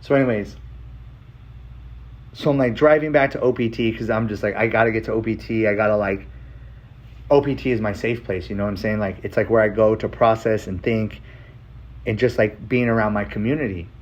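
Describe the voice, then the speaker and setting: A podcast host tells a personal story in a loose, casual monologue, swearing often and leaning heavily on "like." His voice sits on the lower side with a steady tone and a brisk pace, and the audio sounds dull.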